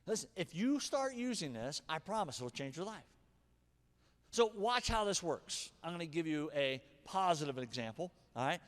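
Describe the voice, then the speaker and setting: A middle-aged man preaching a sermon as pastor, animated, moving from hushed asides to shouted punchlines. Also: on the high side, moderate pace. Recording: long hall reverb.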